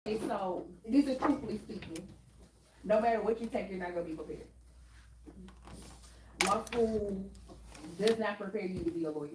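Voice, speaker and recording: A woman's voice: mid-range voice, normal speed, long pauses. A woman on a workshop panel giving frank, conversational advice and laughing easily. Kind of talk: panel discussion, candid advice. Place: workshop room. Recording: roomy hall from far off with noise.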